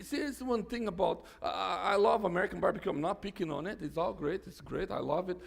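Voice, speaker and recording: A male pastor delivers a sermon in a conversational way. He breaks into joking asides and restarts his sentences. His voice sits high and carries a gravelly rasp.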